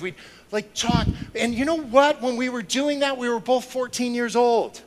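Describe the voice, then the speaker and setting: A man giving a sermon through personal stories, moving from hushed storytelling to loud, excited preaching before a congregation. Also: very high voice, moderate pace, rough recording. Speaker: lay speaker. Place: church sanctuary with a congregation.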